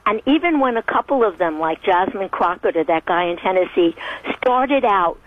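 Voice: mid-range voice, lively intonation, moderate pace, no echo, phone-quality sound. A radio show guest delivering scornful political commentary in a lecturing, emphatic way.

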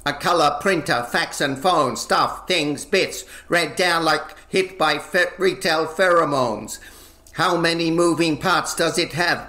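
A man performing comic spoken-word poetry in a rhythmic, deadpan delivery, recorded with a roomy echo. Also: a little high, slow. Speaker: performance poet.

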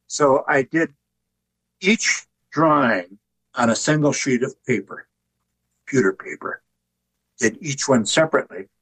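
An older man, an author and artist, telling stories in a relaxed, anecdotal way during an interview. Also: medium pitch, breathy edge, low-quality recording. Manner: relaxed anecdotal telling, chuckles at his own jokes. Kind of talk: conversational interview storytelling.

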